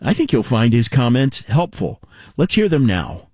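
A man hosting a Christian radio program, announcing smoothly and asking interview questions. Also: medium pitch, big pitch swings, normal speed, darkish tone, no echo, clean studio sound. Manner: smooth, promotional announcer delivery.

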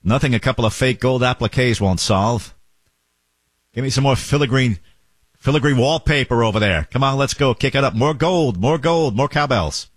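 A man's voice: medium pitch, dry recording, clean studio sound. A man hosting a talk radio show, making sardonic comments and reading listener texts. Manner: sardonic, does quick mock impressions, reads texts.

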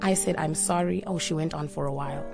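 A woman's voice: low voice, quick pace, vocal fry, over music. A woman on a radio show, telling a story with animation, acting out the quotes and laughing. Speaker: radio co-host.

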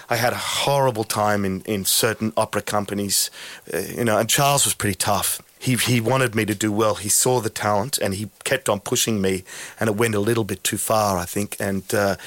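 A man's voice: fairly low pitch, no echo. A middle-aged conductor, a guest telling stories in conversation and often restarting words as he goes. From Australia. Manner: lively storyteller, repeats words when restarting. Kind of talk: anecdotal conversation.

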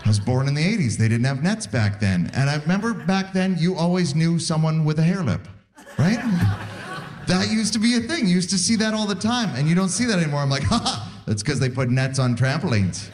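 Canadian guy in his 40s doing standup, bit higher voice, swings up and down a lot when he acts stuff out. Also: a little fast. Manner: laid-back storytelling with animated voiced asides. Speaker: stand-up comedian. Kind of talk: stand-up comedy set. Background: audience laughter.

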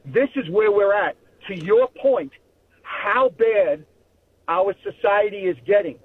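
A man calls in over a tinny phone line with faint noise. His voice sits high, and he talks earnestly, stumbling and repeating himself. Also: animated, slow pace. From New York. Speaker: caller. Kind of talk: phone-in call.

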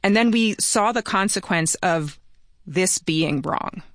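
A man speaking as an interview guest, telling a personal story in a relaxed conversational way, with quick asides. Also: sits high, no echo.

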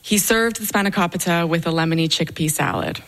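A woman's voice: on the low side, brisk, a bit bright. A young adult woman telling a personal story on stage, with a wry, dryly humorous delivery.

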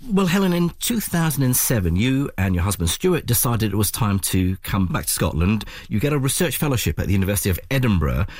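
A man interviewing a guest in a lively, conversational way, asking questions. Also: fairly low pitch, fast talker, hardly any pauses, no echo, clean studio sound. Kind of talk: radio interview.

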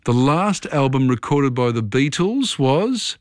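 A man hosts a radio quiz from a studio mic, firing off questions with quick asides and casual fillers. His voice is middle-pitched and the sound is close and dry, with no room around it. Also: very animated, no room sound. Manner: brisk, friendly quizmaster, quick asides and fillers. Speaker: radio host. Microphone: studio microphone.

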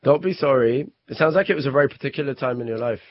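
A man interviewing guests, asking gentle, probing questions. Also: mid-range voice, rapid-fire, no echo. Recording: dull lo-fi recording.

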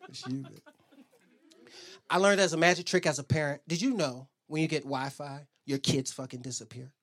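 A man doing a stand-up comedy set, animated and profane, jumping into high squeaky voices when he quotes people. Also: moderate pace. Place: comedy club stage. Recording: roomy club sound with a laughing crowd.

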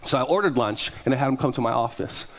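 A man preaching as a pastor, telling stories with lively repetition and acting out the people in them. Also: medium pitch, quick pace. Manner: animated, repeats words and acts out people. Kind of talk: storytelling sermon.

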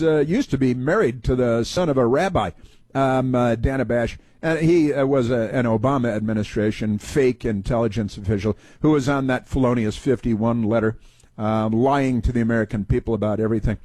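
Man, talk radio host, husky, mocking, rambling, dry close sound. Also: medium pitch, moderate pace, a little mellow, no room sound. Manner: sarcastic, mocking, rambling with many fillers. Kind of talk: opinionated political commentary.

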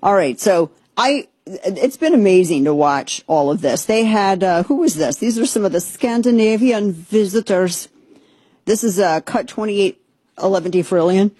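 A woman's voice: medium pitch, lively intonation, measured pace, warm tone, slightly rough, no room sound. A woman hosting a podcast, giving chatty, sarcastic, rambling commentary. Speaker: podcast host. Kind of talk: opinionated casual commentary.

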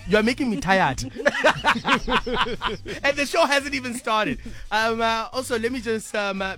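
A young man hosting a radio show, playful and teasing, loud and excitable. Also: fairly high pitch. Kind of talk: energetic radio banter.

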